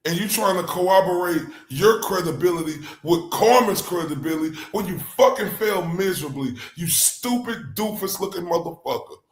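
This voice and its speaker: A man's voice: sits high, moderate pace, few pauses, reverberant, poor audio. A man hosting a livestream who gives heated, profane reaction commentary on trial clips. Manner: profane, fired up, animated.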